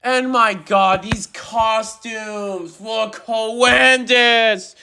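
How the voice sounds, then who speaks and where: A woman ranting in a movie review, angry, repeating herself and breaking into shouts. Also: fairly high pitch, steady tone, drawn-out words, smooth. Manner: repeats herself and restarts often.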